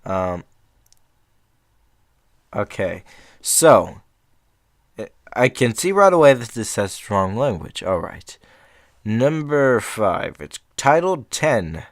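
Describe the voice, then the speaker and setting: A man's voice: on the low side, sing-song, takes it slowly, pauses often, dry recording, clean studio sound. A young man reading short horror stories aloud in a casual, rambling way, breaking off for chatty asides.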